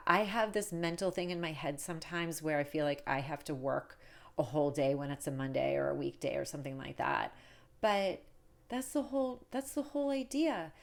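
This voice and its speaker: A woman in her forties with a low voice and a gravelly edge talks straight to camera. She is candid and chatty and laughs often as she tells her story. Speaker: wedding cake business owner and coach. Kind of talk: casual vlog storytelling.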